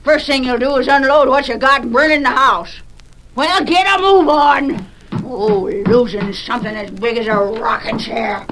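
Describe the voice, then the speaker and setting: An actress playing a bossy older frontier housewife with a scolding, name-calling manner, in 1940s radio acting. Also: female voice, high voice, normal speed, fairly bright tone. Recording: noisy 1940s radio broadcast.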